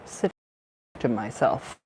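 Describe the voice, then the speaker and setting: A man's voice: slow, darkish tone, slight background noise. A man chatting casually with viewers while reading cards. He sounds tired and drowsy, talks loosely, laughs often and trails off.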